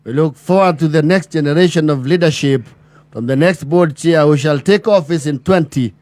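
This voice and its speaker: This man's fairly high, slightly mellow voice carries a mock-formal speech in the style of a puffed-up chairman. He uses bureaucratic wording and lets his pauses drag out.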